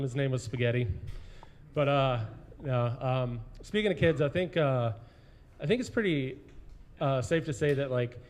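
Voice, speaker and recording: A man's voice: medium pitch, darkish tone. A man with an average voice tells stand-up stories on a brewery stage, rambling in a loose, casual way. He pads his lines with fillers as he goes. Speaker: stand-up comic. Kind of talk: stand-up storytelling.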